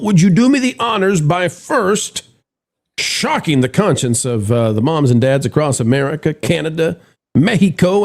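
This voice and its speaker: A man hosting a casual live-stream chat, playful and theatrical as he introduces guests. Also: a little high. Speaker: host.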